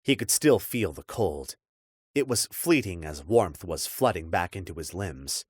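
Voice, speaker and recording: A man narrating a dark fantasy audiobook in a measured, expressive storytelling voice. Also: low voice, breathy edge, no echo, studio quality.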